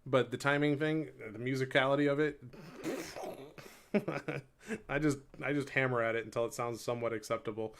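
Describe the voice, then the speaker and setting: With a mid-range, slightly bright voice, fairly even intonation and a moderate pace, this man streams his instrument practice live. A faint hurdy-gurdy drone sits in the background as he rambles to viewers, laughs at himself a lot, and counts beats out loud while playing.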